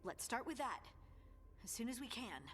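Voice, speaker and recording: An actress voicing a weary, grieving young woman scout in a video game, speaking quietly, heard faintly behind a streamer. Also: fairly high pitch, sing-song, normal speed, crowd noise. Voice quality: quiet and subdued.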